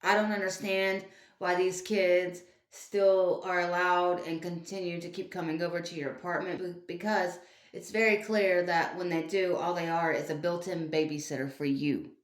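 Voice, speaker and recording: A woman's voice: fairly low pitch, fairly even intonation, normal speed. A woman delivering an indignant commentary rant, scolding with repeated rhetorical questions. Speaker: online commentator. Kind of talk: ranting commentary video. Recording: roomy echo.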